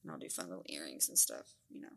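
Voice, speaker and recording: Podcast guest: Southern woman, quick bright delivery, lower pitch, easy laughter. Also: creaky. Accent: Mississippi Southern US. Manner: fast, lively, laughs often. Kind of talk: casual chat.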